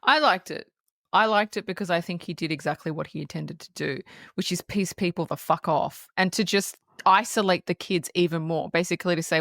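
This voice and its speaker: A woman co-hosting a podcast, recapping a horror film in casual, profane, animated chat and acting out the characters' lines. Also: lowish voice, brisk, no echo, clean studio sound. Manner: profane, animated plot recapping with acted-out quotes. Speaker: podcast co-host.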